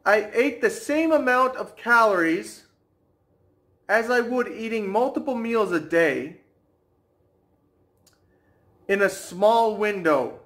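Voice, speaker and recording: A brash man rants to camera about diet, mocking his critics. His voice sits fairly high, and he talks slowly, stretching out words to hammer each point home. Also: lively intonation, a bit bright. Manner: brash, mocking, slows down for emphasis. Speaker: fitness vlogger. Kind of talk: ranting to camera.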